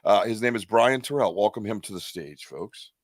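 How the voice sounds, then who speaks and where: A man's voice: lowish voice, expressive, normal speed, dry recording. Male live-stream host, casual and rambling, swears freely, dry mic. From northern United States. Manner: loose, joking, rambling with swearing. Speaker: podcast host.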